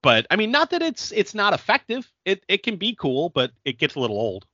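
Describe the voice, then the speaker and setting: A man's voice: a little high, wildly swooping pitch, a little fast, pushed and bright, no room sound, highs cut off. A man co-hosting a podcast, recapping a film in casual chat, laughing often and filling his talk with "like". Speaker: podcast co-host.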